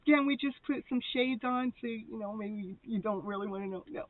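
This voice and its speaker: A woman hosts a live tarot reading, chatty and playful, giggling often and bursting into sing-song exclamations. Her voice is on the high side, husky and a little slow, in a dry recording with a tinny, phone-like quality and faint noise.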